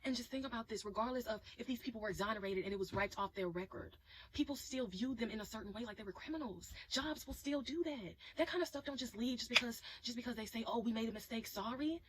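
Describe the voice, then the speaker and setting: A woman's voice: a little high, fast talker, fairly bright tone, slight background noise, low-quality recording. A woman talking casually and emphatically to her viewers, reacting to a movie she just watched. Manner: emphatic, talks straight to viewers as "y'all".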